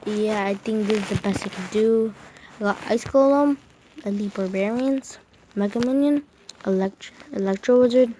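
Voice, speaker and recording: A woman giving casual gameplay commentary at home, rambling and correcting herself while keeping her voice down. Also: on the high side. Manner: rambling, self-correcting, talking quietly. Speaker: mobile game YouTuber. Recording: noisy home recording with clicks.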